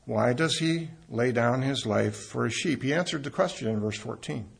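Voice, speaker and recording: A man's voice: mid-range voice, normal speed, gravelly, few pauses, slightly rough. A man preaching a sermon as pastor, emphatic, rising and swelling on key points.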